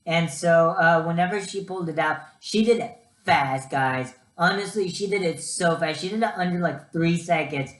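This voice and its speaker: This student vlogger is a young man with a slightly high voice who talks at normal speed with hardly any pauses. Chatty and animated, he gives casual advice packed with ums and uhs, and the room echoes.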